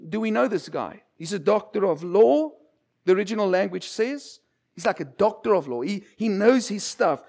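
Male minister, lively sermon delivery, higher voice with gravel in it. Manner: animated, conversational preaching with acted-out quotes.

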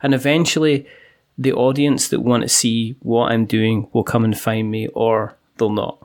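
A man from the UK hosts a loose podcast chat, rambling and laughing as he talks. His voice sits in an ordinary middle pitch. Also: level tone, normal speed, darkish tone. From United Kingdom. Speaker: podcast host.

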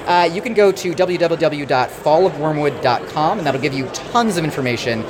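In a convention floor interview, a game developer with a fairly high, animated voice talks briskly, rambling through a story packed with fillers while running on little sleep and a failing voice. Loud crowd chatter fills the busy hall behind him.

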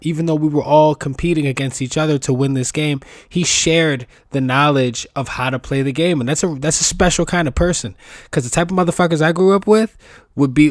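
A man's voice: mid-range voice, dry recording, studio quality. A man hosting his own podcast, rambling through a profane, tangent-filled casual monologue. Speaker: podcast host.

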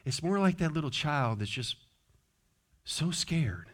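A man, pitched a bit higher than most men, preaches in a loose, conversational way. He slips into quoted voices and little acted scenes as he goes. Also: lively intonation, a little slow. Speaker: pastor. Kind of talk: sermon.

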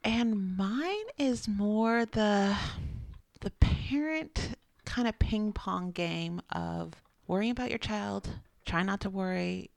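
A woman co-hosting a podcast, chatting in a lively, teasing way with frequent laughter. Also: medium pitch, slow pace, creaky, no room sound. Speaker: podcast co-host. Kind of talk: casual chat.

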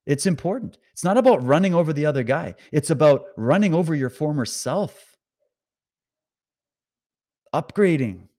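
A man's voice: a little high, lively intonation, normal speed, long pauses, dark tone. A middle-aged man, a podcast host, giving an emphatic motivational monologue that exhorts listeners and swears casually.

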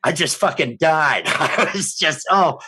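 A man's voice: fairly high pitch, expressive, unhurried, pushed and bright, breathy edge. A middle-aged man co-hosting a podcast, telling rambling, profane family stories in casual chat with lots of restarts. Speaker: podcast co-host.

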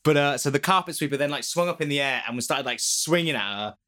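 A man's voice: a little high, fast talker. Rambling man telling a story. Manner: rambling and animated, swears, laughs often. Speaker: podcast co-host. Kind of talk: casual storytelling chat.

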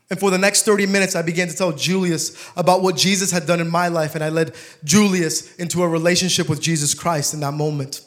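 A young man preaching a sermon, telling stories with humor and turning soft and emotional. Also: high voice, brisk.

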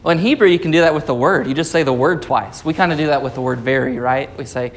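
A man's voice: fairly high pitch, fast, hardly any pauses. A man preaching a Sunday sermon, explaining scripture patiently and repeating key phrases for emphasis. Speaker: pastor.

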